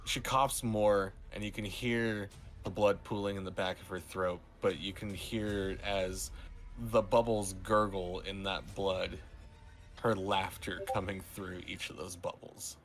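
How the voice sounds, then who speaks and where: A man running a tabletop game as game master, narrating the scene in a slow, low-key way. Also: level tone.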